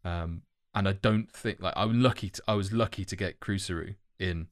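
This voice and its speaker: A man's voice: low-pitched, normal speed, no echo, clean studio sound. A man co-hosting a casual podcast chat, talking in loose, self-correcting ramble with many fillers. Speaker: podcast co-host.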